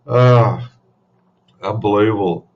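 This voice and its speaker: Male stream host, unhurried and drowsy, low-pitched, rough-voiced from waking, dull lo-fi audio. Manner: drowsy, rambling, laughs often. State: just woken up, voice still rough. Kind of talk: casual live-stream chat.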